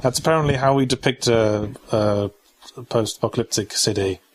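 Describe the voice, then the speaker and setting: A man's voice: mid-range voice, normal speed, low-quality recording. A man with an English accent, casually commentating a game with dry, sarcastic wisecracks. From England. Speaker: let's play co-host.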